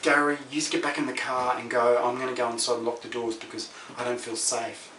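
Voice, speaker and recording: A man quoting a frightened young male friend, speaking in a hushed, anxious way. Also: mid-range voice, flat delivery, brisk, lightly acted. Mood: nervous. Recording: echoey room, mic far off, noisy.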